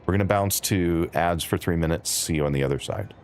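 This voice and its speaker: A man's voice: low-pitched, brisk, a little hiss or hum. A man casually chatting with his viewers while playing a game on a live stream. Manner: relaxed, chatty, talks to chat by name.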